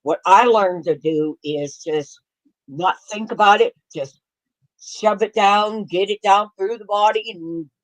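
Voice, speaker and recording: A woman talks in a relaxed, casual chat, musing out loud and often trailing off with fillers. Her voice sits at a middle pitch. The sound is close and dry, with no room echo. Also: unhurried. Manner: reflective, trailing off into hesitant fillers.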